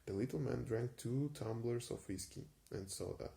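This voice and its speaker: A man giving an unhurried ASMR reading of a vintage story, with frequent small hesitations. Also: medium pitch, creaky, warm tone. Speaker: reader.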